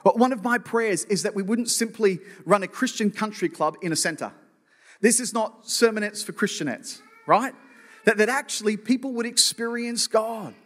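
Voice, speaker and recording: A man's voice: sits high, normal speed, a bit bright. A male pastor preaching a sermon in a conversational way, often restarting with repeated words and making joking asides. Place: church auditorium. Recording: long reverb of a church hall.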